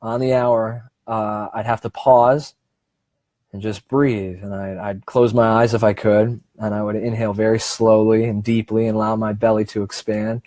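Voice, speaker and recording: A man giving a casual self-help seminar on breathing, talking in a conversational, encouraging way, often restarting sentences and slowing down on key points. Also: fairly low pitch, flat delivery, mellow, no echo. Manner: conversational and encouraging, with frequent restarts and slow, deliberate stretches.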